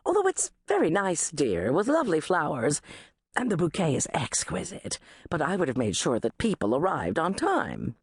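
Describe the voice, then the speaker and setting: A woman's voice: sits low, huge pitch swings, moderate pace, slightly rough, no echo, clean studio sound, full character voice. A woman voicing a flustered, rambling middle-aged stepmother in an audiobook. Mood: fretful. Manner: flustered, rambling, half-finished sentences.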